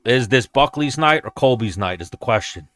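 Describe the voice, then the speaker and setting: A man's voice: mid-range voice, lively intonation, moderate pace, fairly bright tone, slight background noise. A man hosting a casual fight watch-along, chatting loosely with viewers in a rambling, profane way. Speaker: host.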